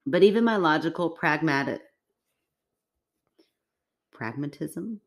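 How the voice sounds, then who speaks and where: A woman's voice: low-pitched, expressive, slow. A woman co-hosting a podcast in casual chat, playful and giggly, stumbling as she reads listener stories aloud. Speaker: podcast co-host.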